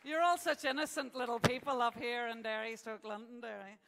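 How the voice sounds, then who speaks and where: A woman's voice: a little high, steady tone, brisk, vocal fry, a bit bright, in a large hall, a little hiss or hum. A woman hosting a live awards event, joking with the crowd between announcements. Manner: jokey, chatty, tells gags with punchlines. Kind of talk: live stand-up style hosting. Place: event venue stage.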